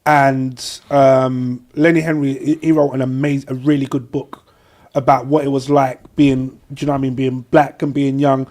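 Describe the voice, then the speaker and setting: A man's voice: medium pitch, level tone, normal speed, darkish tone. A man co-hosting a podcast, talking in long, thoughtful, rambling turns. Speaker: podcast co-host. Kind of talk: casual podcast chat.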